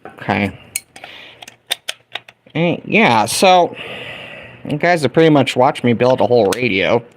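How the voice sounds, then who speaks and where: A middle-aged man from the United States hosts a laid-back livestream as he works on a build. His voice has a gravelly edge, and he chats in a folksy way with the people watching. A faint hiss sits under his talk. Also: medium pitch, lively intonation, slow pace. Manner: folksy and chatty, talking to viewers. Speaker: livestream host. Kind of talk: casual livestream chat while building a kit.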